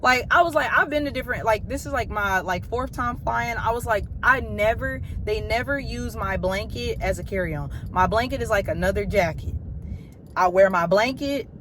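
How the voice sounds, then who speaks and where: A woman's voice: fairly high pitch, normal speed, fairly bright tone. A woman, a teacher, telling a profane, exasperated story about her trip in a casual storytime chat, filmed on a phone while she sits in a car. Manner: snaps at traffic while driving. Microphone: phone camera.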